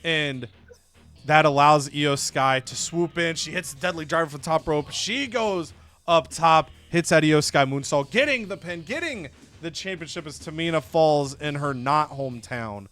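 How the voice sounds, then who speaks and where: Young man, game recap host, lively storyteller, slightly high voice, soft music behind. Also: normal speed. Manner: storytelling, acts out characters, swears casually. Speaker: let's play host.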